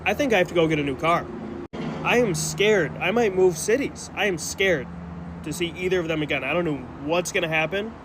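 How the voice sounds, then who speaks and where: A man's voice: sits high, noisy background. A man telling a first-person story in a casual, earnest way, still rattled by what happened. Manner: rattled, earnest, quick retelling. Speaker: storyteller in a social media clip.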